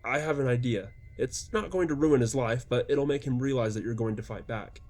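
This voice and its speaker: A man voicing a brash, scoffing young male friend in a story, crude and loud. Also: mid-range voice, fairly quick, natural voice. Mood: mocking.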